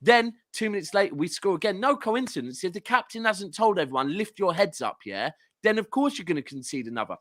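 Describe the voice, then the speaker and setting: A man's voice: high voice, very animated, quick pace, few pauses, a bit bright, no room sound, studio quality. A man with a southern English accent, a guest football fan ranting animatedly and swearing in casual podcast chat. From southern England.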